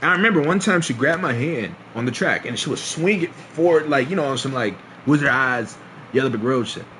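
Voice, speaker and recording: A young man casually telling a story to his stream, swearing, laughing often and acting out quotes loudly. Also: medium pitch, animated, a little fast, slight background noise.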